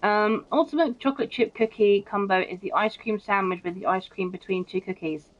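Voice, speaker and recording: A young woman streams a game and casually reads out viewer comments, blunt and chatty, swearing often and repeatedly saying "bro." Her mid-range voice moves briskly, and the stream audio is muffled and dull.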